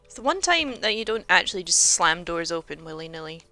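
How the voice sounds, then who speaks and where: Snarky sweary woman streaming a game, bright voice. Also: lowish voice, very animated, a little fast, faint music behind. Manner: sarcastic, swearing and joking. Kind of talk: casual gameplay commentary.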